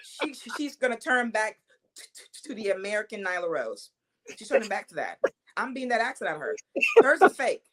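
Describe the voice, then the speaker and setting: A woman's voice: mid-range voice, big pitch swings, a little fast, a bit bright. A young woman, a wrestling champion, talking confidently in a casual interview, trash-talking her opponents between fillers and restarts.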